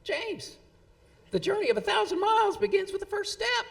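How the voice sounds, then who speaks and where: A man putting on a friend's Tennessee twang, proclaiming a saying in a high, loud voice, with long hall reverb. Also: sing-song, normal speed, creaky, a little hiss or hum, heavily acted. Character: folksy colleague with a drawl, man.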